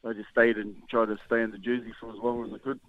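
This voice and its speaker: A man's voice: mid-range voice, little pitch movement, quick pace. A man with a New Zealand accent, a former rugby player, talking casually as a guest and rambling with repeated words. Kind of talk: casual radio interview over the phone. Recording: tinny phone line, dry.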